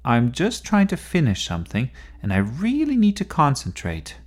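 A man's voice: mid-range voice, huge pitch swings, moderate pace, voice pushed up. A man voicing a busy, distracted father in a storybook, firm but kindly and a bit flustered.

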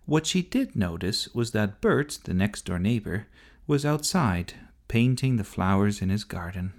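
A man reading a children's story aloud in a gentle, expressive manner. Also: lowish voice, a little slow.

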